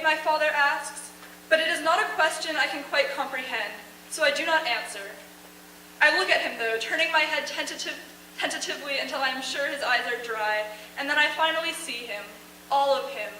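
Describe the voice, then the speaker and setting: Young woman, stage reading, earnest and emotional, high bright voice, echoey theater, recorded from far with faint hum. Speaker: student reader at a showcase. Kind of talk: dramatic first-person story reading. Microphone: far camera in audience.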